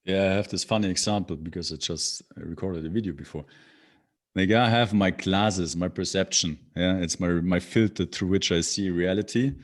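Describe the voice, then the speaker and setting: Low-voiced man, halting and full of fillers. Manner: halting, many fillers and restarts. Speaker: podcast guest. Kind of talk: casual interview chat.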